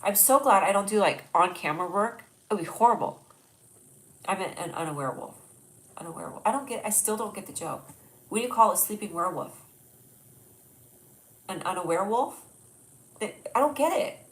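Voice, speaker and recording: A young woman hosts a loose live stream, her voice a bit stuffed up from a blocked nose. She rambles, second-guesses herself and laughs at her own expense while she puzzles over jokes from the chat. Her pitch sits at an ordinary middle height for a woman. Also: expressive, moderate pace, pauses often, low-quality recording. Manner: rambling, self-deprecating, reads chat jokes aloud. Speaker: host. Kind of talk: casual livestream chat.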